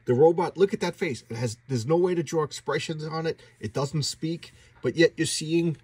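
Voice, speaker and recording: A man excitedly retelling a comic book story in a casual recap, acting out the characters and making boom sound effects. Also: moderate pace, husky, no room sound.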